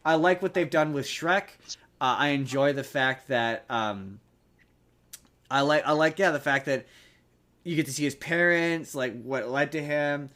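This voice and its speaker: A man's voice: fairly high pitch, unhurried, a bit bright. A man co-hosting a podcast in casual chat, rambling with frequent restarts and fillers. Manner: rambling, many restarts and ums. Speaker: podcast co-host.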